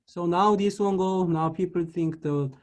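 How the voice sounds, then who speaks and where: Halting, high-voiced male lecturer. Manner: halting, many restarts and repeated "okay". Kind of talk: classroom lecture.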